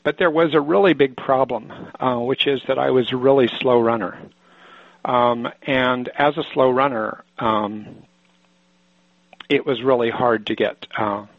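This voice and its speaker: Older guy from oregon, psychoanalyst, slow halting storytelling, husky voice, dry muffled recording. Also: mid-range voice, fairly even intonation, no room sound. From Oregon, USA. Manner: halting, thoughtful, many restarts. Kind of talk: reflective personal storytelling.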